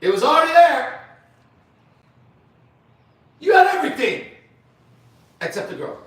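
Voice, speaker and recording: A man's voice: extremely high pitch, sing-song, a little slow, fairly bright tone. A man preaching to a men's group, blunt and emphatic, repeating phrases for stress. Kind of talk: sermon-style teaching. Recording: very echoey room, voice far from mic.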